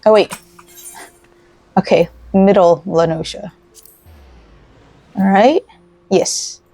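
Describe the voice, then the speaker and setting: A chatty woman talks her way through a game while she crochets. She wanders off topic and giggles. Her voice sits at a middle pitch over soft game music. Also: takes it slowly. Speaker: let's play host. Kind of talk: casual gameplay chat while crocheting. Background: faint game music.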